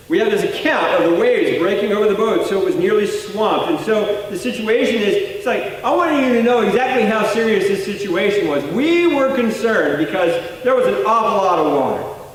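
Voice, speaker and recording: A man preaching a sermon in a conversational, explaining way, often rephrasing and repeating himself. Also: sits high. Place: church sanctuary. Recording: echoey hall, voice from a distance.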